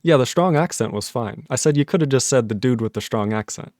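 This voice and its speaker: Casual male streamer, mid-pitched, dry close sound, laughs a lot while reading chat. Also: animated, brisk, a little mellow, dry recording. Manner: laughs often, reads chat messages aloud, easily puzzled.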